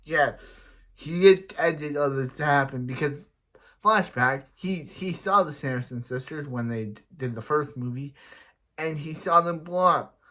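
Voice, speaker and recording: A young man giving a casual, rambling movie review, often restarting and paraphrasing characters in quick bursts. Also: a little high, sharp tone.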